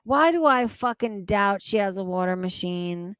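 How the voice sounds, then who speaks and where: A woman's voice: mid-range voice, animated, moderate pace, a bit bright, smooth, dry recording, clean studio sound. A woman streamer reacting to videos, with crude, mocking and incredulous commentary full of swearing.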